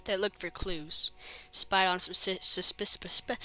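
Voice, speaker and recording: A woman's voice: fairly low pitch, steady tone, a little slow, hardly any pauses, pushed and bright, soft background music. A woman streamer reading a story game aloud, breaking off for chatty, self-mocking asides.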